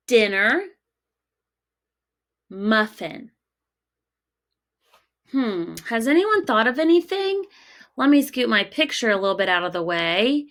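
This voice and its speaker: A woman teaching a recorded phonics lesson for children, gentle and encouraging, asking questions and pausing. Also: sits high.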